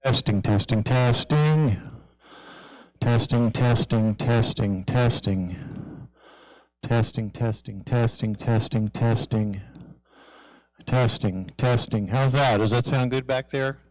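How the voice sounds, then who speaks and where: A man's voice: mid-range voice, takes it slowly, a little mellow, low-quality recording. Guy doing a chatty mic check in a church, asks the room how it sounds. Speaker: person running a sound check. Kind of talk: casual sound check chat. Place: church sanctuary. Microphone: handheld mic, held at varying distances.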